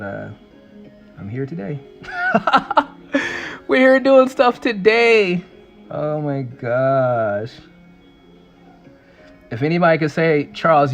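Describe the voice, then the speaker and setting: A man casually chatting and rambling excitably on a livestream while he draws. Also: mid-range voice, gravelly. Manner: rambling and excitable, full of fillers. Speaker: artist streaming a drawing session.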